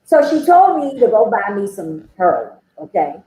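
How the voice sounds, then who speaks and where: Lively woman telling her recovery story. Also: mid-range voice, moderate pace, reverberant, rough recording. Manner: chatty storytelling, acting out quoted dialogue, frequent "okay?" and "you know?". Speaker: recovery meeting speaker. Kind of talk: personal recovery testimony.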